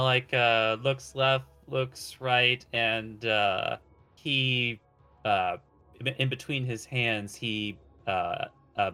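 A man playing a tabletop game, halting and full of fillers. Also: fairly low pitch, pushed and bright, smooth. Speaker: player.

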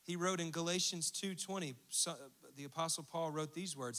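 A man preaching a sermon, swinging from hushed asides to emphatic, rhythmic declarations. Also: on the high side, normal speed, hardly any pauses. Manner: animated preaching, dropping to near-whispers and rising to emphatic bursts. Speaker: pastor.

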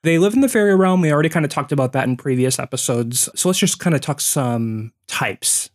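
A man's voice: fairly high pitch, lively intonation, brisk. A man co-hosting a podcast, casually telling folklore stories from his notes to his co-host. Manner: storytelling, explaining folklore from notes.

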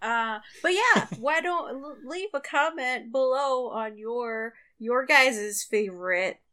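A woman's voice: a little high, bright, forceful tone. A woman co-hosting a podcast in casual chat, laughing often as she talks. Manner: laughs often, slow and chatty. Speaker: podcast co-host.

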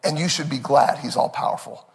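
A male pastor preaching a sermon in a conversational, animated way, laughing often. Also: medium pitch, brisk, vocal fry. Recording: long reverb.

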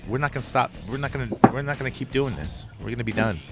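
A middle-aged man hosting a podcast, joking and swearing, often trailing off quietly. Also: mid-range voice, very fast, gravelly, over loud music. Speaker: podcast host. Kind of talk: casual podcast banter.

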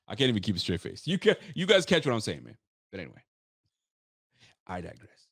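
A man's voice: lowish voice, big pitch swings, fast, creaky, pauses often, fairly bright tone, breathy edge, no room sound, clean studio sound. A young man hosting a live fan podcast, venting bluntly and swearing freely as he reads out viewer comments. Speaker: podcast host.

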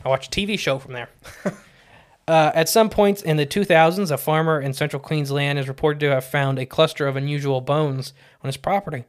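A man's voice: a little high, fairly even intonation, a little fast, smooth. Chatty man telling cryptid stories. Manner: rambling, jokey, self-correcting storyteller. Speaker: podcast co-host. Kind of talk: casual chat.

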